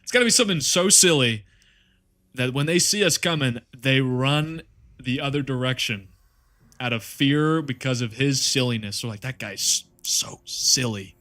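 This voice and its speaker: A man's voice: mid-range voice, moderate pace, a bit bright. A man chatting casually to his viewers on a live stream while playing a game, rambling, laughing and swearing freely.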